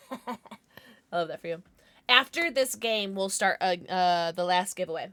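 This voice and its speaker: A young woman streaming live, chatting casually with her chat, thanking viewers and squealing with excitement. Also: fairly low pitch, unhurried.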